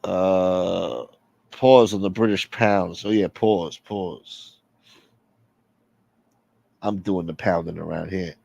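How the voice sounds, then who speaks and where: A man's voice: sits low, fairly even intonation, slow, vocal fry, long pauses, warm tone, no echo, dull audio. A man hosting a casual livestream, rambling and joking as he reads out chat. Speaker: livestream host.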